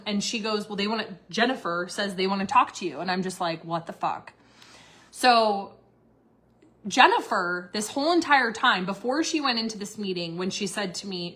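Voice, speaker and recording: A woman in her thirties telling a personal story to her viewers in a candid, casual way. She swears freely, fills her talk with "like", and gets worked up as she goes. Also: medium pitch. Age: 30s. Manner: candid, swearing, says "like" constantly; grows agitated and loud. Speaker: vlogger.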